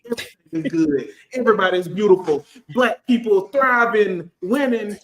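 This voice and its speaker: A man in his thirties, a finance professional on a casual business panel, talking in an animated, slangy way and acting out quoted voices. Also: high voice, moderate pace, roomy sound. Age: 30s.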